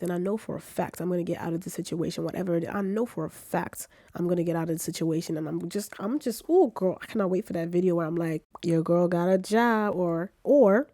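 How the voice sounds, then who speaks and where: Expressive young woman, dry close sound. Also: on the low side, no echo. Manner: expressive, emphatic, repeats herself, slangy asides. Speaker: vlogger. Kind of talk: candid personal vlog talk. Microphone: camera mic.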